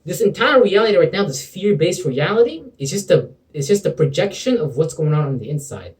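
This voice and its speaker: A man's voice: fairly high pitch, very animated, a little fast, distant mic, rough recording. A man giving an impassioned spiritual pep talk to camera, preachy and sometimes sarcastic, calling the listener bro and man. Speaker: motivational video preacher.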